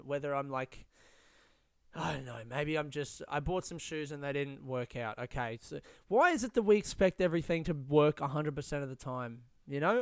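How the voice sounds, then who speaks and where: A man's voice: fairly high pitch, smooth, no echo, clean studio sound. A man hosting a casual solo podcast, ranting in a rambling, profane way with lots of restarts. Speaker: podcast host.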